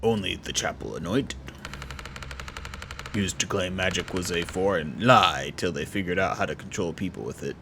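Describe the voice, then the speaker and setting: Blunt resistance contact, woman, super deep and slow, put on by a man reading game lines. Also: creaky, background noise. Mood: grim. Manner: slow, heavy, deliberate delivery. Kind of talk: reading game dialogue aloud.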